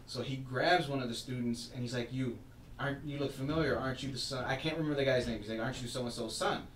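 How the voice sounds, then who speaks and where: Animated man telling a story in a roomy room. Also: mid-range voice, fast, far from the mic, a little hiss or hum. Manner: animated storyteller, acts out quoted lines. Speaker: podcast co-host. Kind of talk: casual wrestling chat. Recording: roomy, off-mic with faint ambience.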